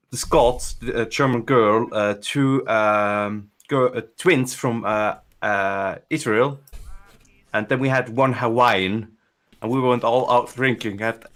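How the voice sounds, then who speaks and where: Man, casual podcast chat, middle pitch, rambling, lots of restarts. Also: a bit bright. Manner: rambling with many restarts and fillers. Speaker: podcast co-host.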